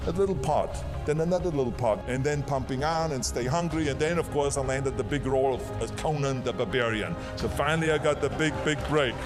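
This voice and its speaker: Austrian-accented man telling a wry story. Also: on the high side. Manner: wry storytelling with mocking impressions. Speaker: speaker. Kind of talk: motivational speech. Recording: archive speech clip under music. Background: music.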